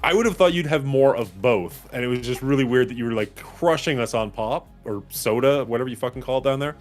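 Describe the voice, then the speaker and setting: A man's voice: medium pitch, a little fast, soft background music. A man from Canada, a guest in a casual chat, talking in a laid-back, joking way.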